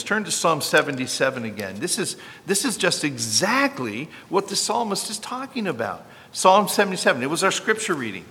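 A man preaching a sermon as pastor, earnest and emphatic with sudden loud peaks, in a church sanctuary. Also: sits high. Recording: long hall reverb from a church.

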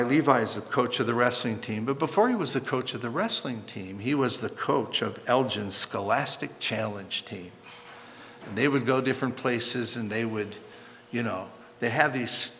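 A man preaching a sermon as pastor, emphatic and building to loud, animated passages. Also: mid-range voice, unhurried, in a large hall, a little hiss or hum.

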